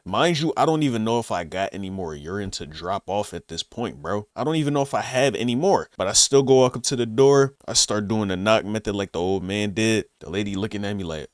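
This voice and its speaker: A man's voice: fairly low pitch, a little fast, few pauses, no room sound, studio quality. A young man casually telling a story in slang, acting out the lines of the people he quotes. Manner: slangy, animated retelling with quoted dialogue. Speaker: vlogger.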